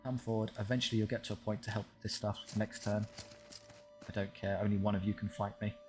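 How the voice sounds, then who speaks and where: A man with a fairly low voice talks his way through a strategy game, muttering at his units with dry, frustrated asides. Game music plays clearly behind him. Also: flat delivery, fast, darkish tone. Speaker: gaming channel host.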